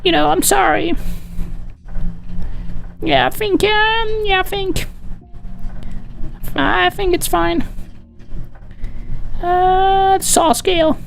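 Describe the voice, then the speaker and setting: A squeaky pompous cartoon boy. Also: steady tone, slow pace, gravelly, pauses often, fairly bright tone, faint music behind, heavily acted. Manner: pompous, lecturing, hesitant. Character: insufferable overly serious cartoon boy. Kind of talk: impression of a cartoon character.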